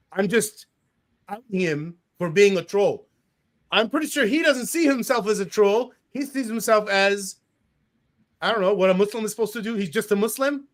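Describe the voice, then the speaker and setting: A man with a high-pitched voice hosts a casual talk show and reads viewer comments aloud. He sounds animated and indignant and laughs as he talks. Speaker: podcast host. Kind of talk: casual conversation, reading out comments.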